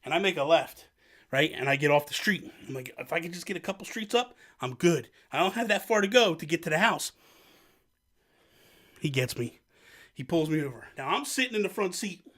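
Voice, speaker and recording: With a slightly high voice and a brisk delivery, a young New Jersey man vlogs an animated story at his own expense. He plays out the other people's lines as he goes.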